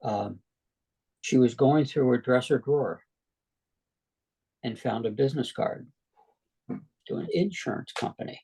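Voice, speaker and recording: A middle-aged man, a guest on an interview show, telling his near-death story in a relaxed way, with frequent "you know" asides. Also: medium pitch, a little slow, gravelly, pauses often, husky, poor audio.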